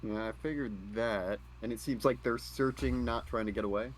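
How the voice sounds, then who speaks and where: A man playing a tabletop game on a live stream, dry and reasoning out loud. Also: mid-range voice, fairly even intonation, moderate pace, a little hiss or hum. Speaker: player.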